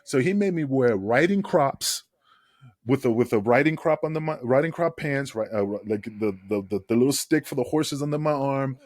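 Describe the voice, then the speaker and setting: Husky-voiced man telling a rowdy story. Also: mid-range voice, normal speed, no echo, studio quality. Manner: animated, laughing storyteller, swears freely. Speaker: guest, former wrestler. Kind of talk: casual storytelling. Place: podcast studio.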